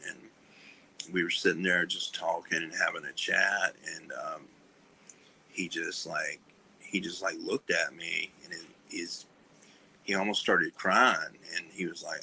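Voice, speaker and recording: A man speaking as a podcast guest, telling a personal story candidly in a halting way, with many fillers and restarts, and often trailing off softly. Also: sits low, fairly even intonation, gravelly, slight background noise, rough recording. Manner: soft-spoken, trailing off. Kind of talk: candid conversation about recovery.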